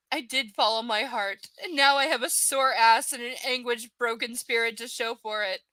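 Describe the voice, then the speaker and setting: A woman with a high, sharp voice reads a book aloud and keeps cutting in with scornful, swearing commentary. The sound is close and dry, with no room around her. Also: normal speed, hardly any pauses, no room sound. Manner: sarcastic, profane, exasperated asides. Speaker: live book reader. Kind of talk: live reading with ranting commentary.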